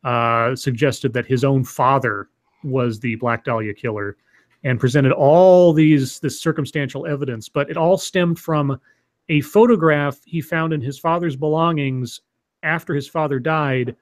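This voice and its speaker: A man's voice: medium pitch, unhurried. A man co-hosting a casual livestream, reading out viewer questions with many fillers and restarts.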